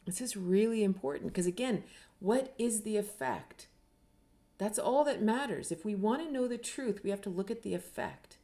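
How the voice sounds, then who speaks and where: A woman's voice: medium pitch, lively intonation, moderate pace, dark tone. A middle-aged woman giving a reflective teaching talk on spirituality, earnest and full of rhetorical questions. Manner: earnest, uses many rhetorical questions and tags with "right?".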